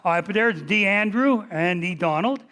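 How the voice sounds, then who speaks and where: A man in his seventies speaks in a notably high voice as he lectures on history. He rambles and pokes fun at himself. He talks to a big audience in a library hall from a lectern mic. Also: lively intonation, moderate pace, pushed and bright. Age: 70s. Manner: self-deprecating, rambling, joking. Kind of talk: public lecture with jokes. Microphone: stationary mic at a lectern.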